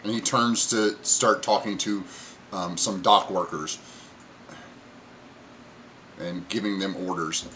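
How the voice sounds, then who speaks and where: A man's voice: sits low, fairly even intonation, slow, pauses often, bright, forceful tone, a little hiss or hum. A man narrating a tabletop game as game master, rambling with plenty of fillers.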